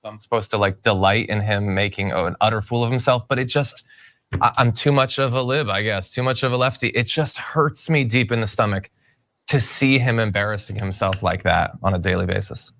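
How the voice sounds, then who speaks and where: A man hosting a political talk show, wry and measured as he sets up clips. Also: lowish voice, gravelly, a bit bright. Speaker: host. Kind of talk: casual political commentary.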